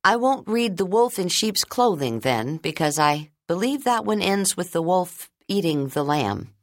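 A woman voicing a kind, patient schoolteacher in an audiobook, speaking gently and reassuringly. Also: fairly low pitch, big pitch swings, measured pace, no echo, clean studio sound, pitched above the performer's own voice. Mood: gentle. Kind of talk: audiobook character reading.

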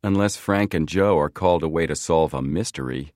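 A man's voice: rumbling low, a little fast, darkish tone, no room sound, studio quality. A man voicing a teasing, wisecracking teenage boy. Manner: teasing, joking.

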